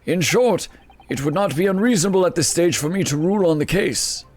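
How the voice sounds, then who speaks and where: A man doing a pompous old judge in a game, high-pitched and deliberate, weighing every long formal sentence. He sounds measured and officious. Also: expressive, a little mellow. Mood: stern.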